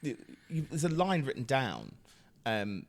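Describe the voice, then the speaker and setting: A middle-aged man chatting as a podcast guest, animated, often laughing and restarting his sentences. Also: medium pitch, measured pace. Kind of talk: casual chat.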